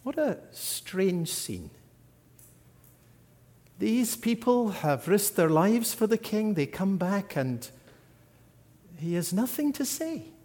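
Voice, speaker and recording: Preacher guy giving a sermon, slow and deliberate, a bit high-voiced, long church reverb. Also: big pitch swings. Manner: earnest, builds to emphatic peaks then drops soft. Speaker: pastor.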